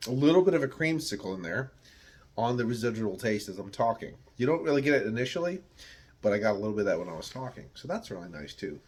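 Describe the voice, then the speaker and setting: A man's voice: medium pitch, big pitch swings, fast, darkish tone. A man from the United States giving a casual, rambling beer tasting review, searching for words and swearing now and then.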